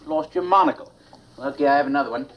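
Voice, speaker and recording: An actor playing a pompous, blustering British naval admiral who keeps clearing his throat. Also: medium pitch, fairly even intonation, quick pace, lo-fi sound, close to an everyday voice. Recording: noisy old TV soundtrack with laugh track.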